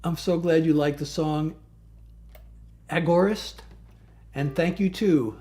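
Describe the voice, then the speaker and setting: A man who sings his own songs, chatting with his livestream viewers from a bedroom studio in a soft-spoken, rambling and thankful way. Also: on the high side, slow. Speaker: singer-songwriter livestreamer. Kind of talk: casual chat with livestream viewers.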